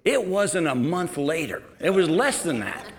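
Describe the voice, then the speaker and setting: A middle-aged man preaching a sermon in a conversational, storytelling way, sometimes dropping to a quiet, low delivery. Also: very animated, a little slow. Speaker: pastor.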